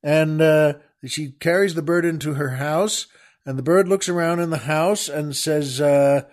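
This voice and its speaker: A man's voice: on the high side, unhurried. A man hosting a podcast, casually telling a joke and chuckling as he rambles along with many fillers. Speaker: podcast host.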